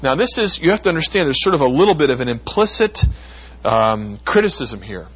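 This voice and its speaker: A man's voice: mid-range voice, very animated, a little fast, breathy edge, dull audio. A man preaching a sermon, explaining scripture with everyday examples and acting out the quoted lines. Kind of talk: sermon with Bible exposition.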